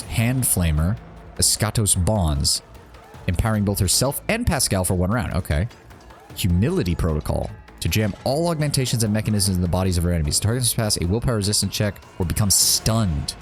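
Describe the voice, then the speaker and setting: A man streaming a game live, casually thinking aloud and reacting with surprise as he plays. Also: fairly low pitch. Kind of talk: live gameplay commentary.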